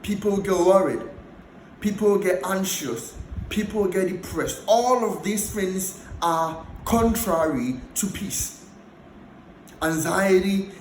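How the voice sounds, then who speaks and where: A man's voice: high voice, a little mellow, roomy sound, a little hiss or hum, poor audio. A man preaching a sermon and teaching a Bible passage, repeating key phrases for emphasis.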